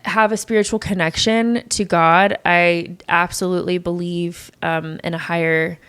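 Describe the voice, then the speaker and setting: A woman's voice: lowish voice, unhurried, clean tone. A woman in her thirties talks as a podcast guest. She tells her story casually and with energy. She often acts out what others said to her. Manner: animated, quotes others often.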